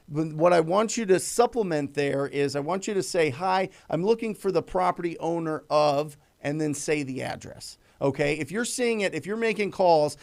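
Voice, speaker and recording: A man's voice: a little high, gravelly. A middle-aged man hosting a live show, coaching with emphatic repetition and acting out sample phone calls. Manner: emphatic, repeats key phrases, acts out sample calls. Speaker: live show host teaching real estate cold calling. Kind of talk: energetic live coaching talk.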